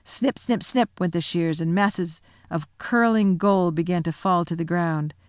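A woman's voice: on the low side, a little slow, no room sound, studio quality. Woman reading a storybook aloud. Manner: expressive, dramatic narration. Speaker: audiobook narrator.

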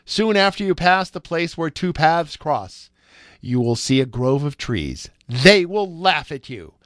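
A man's voice: fairly high pitch, big pitch swings, measured pace, a bit bright, dry recording, clean studio sound. A man reading a storybook aloud, voicing a mysterious old woman who gives solemn warnings. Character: mysterious old woman giving stern advice.

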